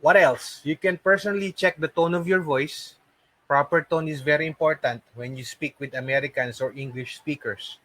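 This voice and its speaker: A man's voice: a little high, fairly even intonation, normal speed, pushed and bright, no echo, poor audio. A man, a call center trainer giving a casual spoken lesson, often restarting and checking in with "okay?". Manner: keeps checking in with "okay?", with frequent restarts and fillers.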